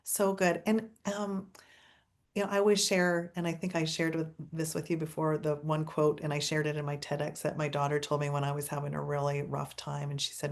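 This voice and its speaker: A woman hosting a podcast interview, telling stories in an animated, exclamatory way. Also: low voice, fairly quick. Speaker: podcast host. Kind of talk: casual interview chat.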